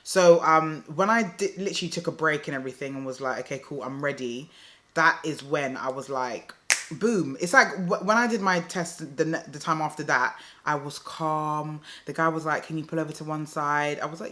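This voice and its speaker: A woman's voice: sits low, a little fast, fairly bright tone. A young woman vlogger telling a story to camera in a chatty way, filling her talk with "like" and calling her viewers "guys". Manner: chatty, fills speech with "like", addresses viewers as "guys".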